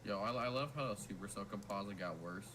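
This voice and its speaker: A young man with a Southern US accent, chatting casually while hosting a weather livestream, tripping over his words when excited. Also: on the low side, quick pace, a little hiss or hum, low-quality recording. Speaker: weather stream host.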